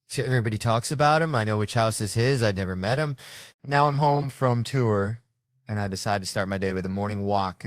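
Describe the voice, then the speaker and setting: Man, 40s, stand-up comedian, low voice, rambling crude storytelling, dry sound. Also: dry recording. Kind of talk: stand-up routine. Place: comedy stage before a live audience.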